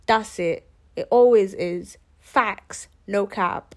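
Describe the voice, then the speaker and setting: Young woman podcaster, sarcastic and giddy, takes her time, gravelly fry in the voice. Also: lowish voice, fairly even intonation, a little slow. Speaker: podcast host. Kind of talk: casual solo podcast chat.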